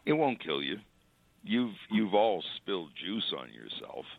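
Gravelly older man on a phone line. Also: deep voice, very animated, dry recording. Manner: formal, measured, explanatory. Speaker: phone-in guest. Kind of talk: casual chat.

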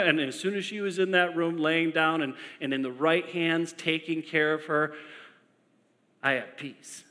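A male pastor delivers a sermon in a high, bright, forceful voice. He tells stories with animated energy and hammers points home through repetition. His voice rings with the long echo of a large church hall. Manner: animated storytelling with emphatic repetition.

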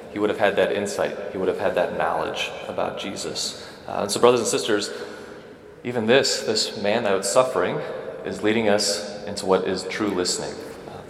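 Low-voiced priest giving a homily, chatty, keeps asking right?, big echoey church sound with long reverb. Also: male voice, a little hiss or hum. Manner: conversational, asks the congregation "right?" often. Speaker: Catholic priest. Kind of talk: homily at Mass.

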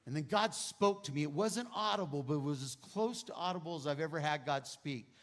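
A middle-aged male pastor preaching a testimony, moving between hushed quoted prayers and loud exclamations. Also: fairly high pitch, fairly quick. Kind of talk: sermon testimony.

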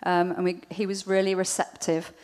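A woman's voice: on the low side, flat delivery, normal speed, a little mellow, long reverb tail. A woman chattily sharing a story with a conference audience, with frequent ums and asides. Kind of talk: spoken testimony to an audience.

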